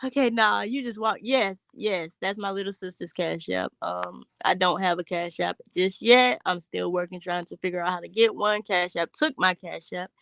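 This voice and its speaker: In a dry recording, a young woman with a lowish, slightly bright voice and some vocal fry speaks at a normal speed with few pauses. She hosts a casual livestream, reading comments aloud and responding to chat in a brash, profane, laughing, joking way.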